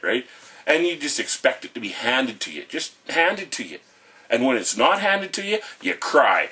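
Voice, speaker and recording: A man's voice: fairly low pitch, a bit bright, slightly rough. A middle-aged man, delivering an angry, profane rant to camera in a blunt, lecturing way.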